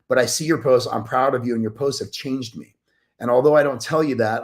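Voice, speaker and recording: A man speaking as a podcast guest, telling an earnest story in an emphatic, motivational way. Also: mid-range voice. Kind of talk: animated storytelling.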